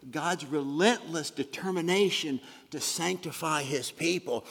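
Gravelly, raspy preaching man. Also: on the high side, in a large hall. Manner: earnest preaching with emphatic swings in loudness, frequent restarts. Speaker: pastor. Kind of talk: sermon.

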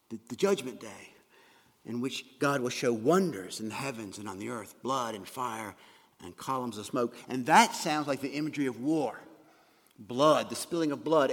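Man as earnest pastor, slightly high voice, sermon delivery with loud emphasis and quiet drops, long hall reverb.

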